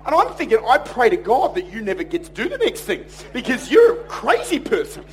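A man preaching a sermon in church, telling stories in a jokey, animated way and acting out other people's voices. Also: very high-pitched, a little fast, hardly any pauses. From Australia. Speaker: pastor.

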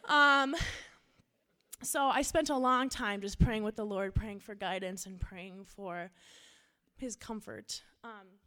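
An earnest woman youth pastor from Minnesota gives a sermon in a casual, storytelling way. Her voice sits at a middling pitch for a woman. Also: takes it slowly, sharp tone.

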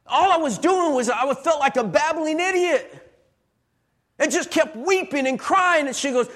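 A man's voice: extremely high pitch, animated, normal speed, fairly bright tone. A middle-aged man preaching a sermon as a pastor, emotional and repetitive, building emphasis through repeated phrases.

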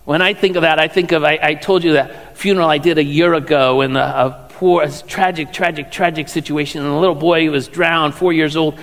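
A man's voice: fairly high pitch, steady tone, fairly quick, few pauses, fairly bright tone, in a large hall. A man preaching a sermon in a conversational way, full of rhetorical questions. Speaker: pastor.

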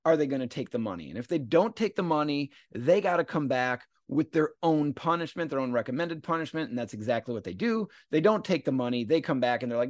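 Male host, relaxed storyteller who acts out the quotes, lively pitch that rides high. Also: brisk, hardly any pauses, dry recording, studio quality. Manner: slangy, conversational, acts out quotes. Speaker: podcast host. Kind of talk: casual explanatory retelling.

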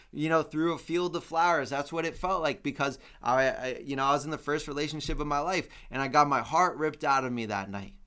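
Young man, fitness podcast host, earnest motivational talk, smooth clear voice, slightly high. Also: a bit bright. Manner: earnest, repeats phrases, many fillers.

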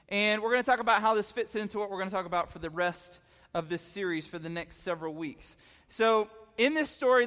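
A man preaching to young people, telling stories in a chatty, excitable way full of filler words. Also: high voice. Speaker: youth pastor. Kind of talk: animated youth sermon storytelling. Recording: long reverb in a hall.

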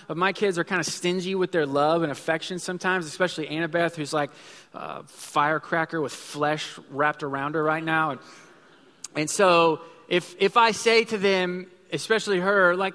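A man's voice: a little high, moderate pace, pushed and bright. A man in his thirties preaching a sermon in a conversational way, acting out little quotes as he goes. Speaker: pastor. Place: church sanctuary. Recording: long hall reverb with faint music.

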